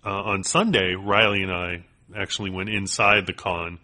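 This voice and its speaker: A man co-hosting a podcast in casual chat, an excitable storyteller who piles up fillers and restarts. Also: deep voice, normal speed. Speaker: podcast co-host.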